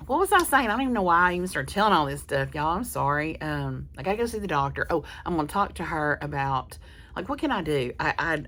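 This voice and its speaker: A woman's voice: sits low, gravelly, husky. A woman chatting casually to her viewers, telling a rambling, candid story full of restarts. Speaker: vlogger. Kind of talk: casual chat to camera.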